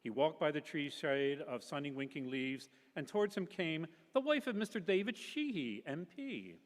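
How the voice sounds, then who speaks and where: A man giving a lively public reading of a novel, his fairly high voice swinging widely up and down as he shapes each phrase. His characterful delivery shifts tone between narration and dialogue. The sound carries a long, reverberant echo around it. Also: moderate pace. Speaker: public reader at a literary festival.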